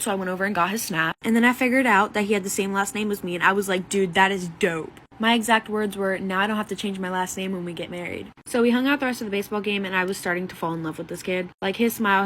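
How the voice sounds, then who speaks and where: A woman's voice: medium pitch, a bit bright, slight background noise. A woman telling a personal story in a chatty storytime monologue, often quoting herself.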